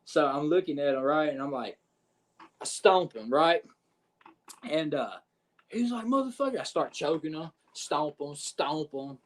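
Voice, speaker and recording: Guesting on a podcast, this pro wrestler spins casual stories, cursing often and continually asking "you know what I'm saying" to check in with his listener. He sounds animated, with a somewhat high voice, an unhurried pace, and long pauses.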